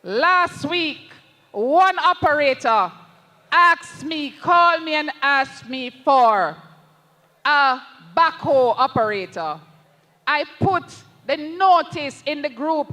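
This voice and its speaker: A high-pitched, bright Jamaican voice delivers a fervent campaign rally speech, unhurried and deliberate, dropping into patois as it rallies the comrades. The sound rings with a long reverb through the rally PA. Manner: impassioned, addresses the crowd as comrades, slips into patois. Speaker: political candidate at a rally.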